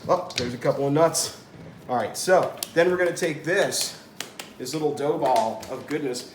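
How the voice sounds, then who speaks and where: A man's voice: a little high, moderate pace, slight background noise. Rambling jokey man in an echoey kitchen. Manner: rambling and jokey, lots of fillers and restarts. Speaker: cooking show host. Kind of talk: casual cooking demonstration. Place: home kitchen. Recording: echoey kitchen with clattering dishes. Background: clattering pots and dishes.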